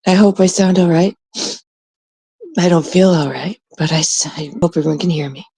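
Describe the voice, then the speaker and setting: A woman's voice: on the low side, moderate pace, mellow, husky, no room sound, low-quality recording. A woman from Canada hosting her own channel while sick, chatting casually in a rambling way with lots of fillers and swearing. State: sick, rough voice. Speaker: channel host. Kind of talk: casual chat to viewers.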